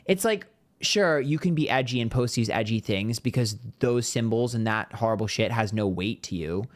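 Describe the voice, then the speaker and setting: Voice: medium pitch, moderate pace. A tarot reader ranting in a casual vlog, blunt and heated, swearing freely and talking straight to viewers.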